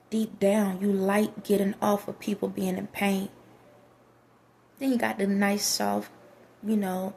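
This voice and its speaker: A woman's voice: medium pitch, vocal fry, darkish tone, slight background noise. A woman vlogger giving casual spiritual advice to her viewers, emphatic and preachy, often repeating herself.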